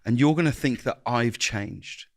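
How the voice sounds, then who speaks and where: Earnest man, halting and reflective. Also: medium pitch, creaky, no echo, studio quality. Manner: earnest, halting restarts, acts out dialogue. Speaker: guest. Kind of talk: reflective interview conversation.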